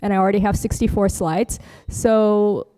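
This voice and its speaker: Chatty nun with a mellow voice. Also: female voice, medium pitch, steady tone, moderate pace. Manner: chatty, joking asides, laughs often. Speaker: Buddhist nun teacher. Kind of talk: dharma workshop talk with slides.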